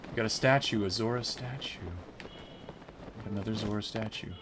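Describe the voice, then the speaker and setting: A man's voice: fairly low pitch, steady tone, a little fast. A man streaming a game, giving casual, jokey commentary and chatting with his viewers. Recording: clear background noise.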